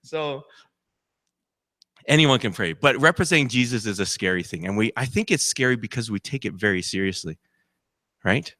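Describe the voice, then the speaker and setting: A man's voice: mid-range voice, animated, moderate pace, long pauses, pushed and bright, dry recording, studio quality. A man preaching as a campus chaplain, talking with the congregation and asking them questions. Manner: conversational, asks the congregation questions; acts out quoted voices. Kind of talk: sermon.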